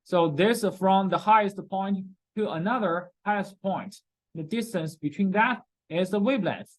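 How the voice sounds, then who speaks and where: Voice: mid-range voice, moderate pace, low-quality recording. Recorded classroom lecture, chemistry teacher, repeats key words, frequent "okay?" checks, non-native grammar.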